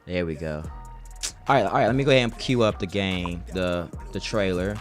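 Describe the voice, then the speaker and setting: A man's voice: low voice, fairly quick, soft background music. A young man streaming live, chatting casually with his chat in a laid-back, slangy way.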